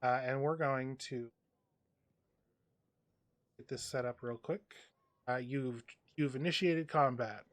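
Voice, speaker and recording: A man's voice: medium pitch, slow pace, long pauses, no echo. A man running a tabletop role-playing game as game master, talking loosely with lots of fillers. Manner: rambling with many fillers.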